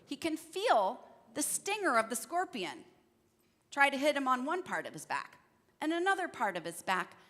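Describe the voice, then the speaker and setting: A woman leading a church service, telling a fable gently and asking her listeners questions. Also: on the high side. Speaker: worship leader. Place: church sanctuary. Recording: church hall reverb.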